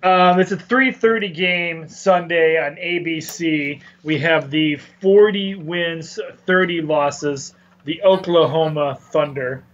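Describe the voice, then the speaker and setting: Slow-talking joking co-host with a higher voice. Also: male voice, dull audio, slight background noise. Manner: laughs often, joking and chatty. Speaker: co-host of a sports picks show. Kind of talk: casual sports chat.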